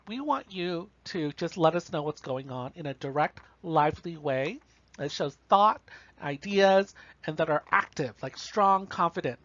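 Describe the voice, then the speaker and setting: A college instructor gives a recorded online lecture on writing, casually talking through examples and frequently checking in with "right?" and "you know." Her or his voice is medium in pitch, and the recording sounds slightly dull and dry.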